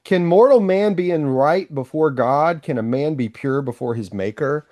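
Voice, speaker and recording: A man co-hosting a casual Bible discussion podcast, chatty and animated, often slipping into mock voices. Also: fairly high pitch, normal speed, no echo, studio quality. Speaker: podcast co-host.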